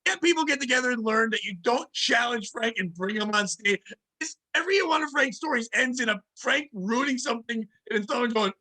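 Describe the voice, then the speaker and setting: A man with a high, bright, cutting voice rants through a rowdy comedy podcast. He swears freely and barrels through stories, acting out other people's lines as he goes. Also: a little fast. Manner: rowdy, ranting, swears freely, acts out quotes. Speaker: podcast host. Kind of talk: casual comedy chat.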